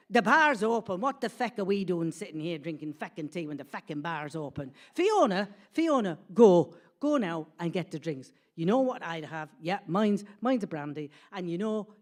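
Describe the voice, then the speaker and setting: A woman's voice: sits low, animated, a little fast, few pauses, a little mellow. A woman voicing her middle-aged mother, brash and bossy, swearing as she orders drinks. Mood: rowdy, bossy. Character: boisterous tipsy Irish mother, middle-aged.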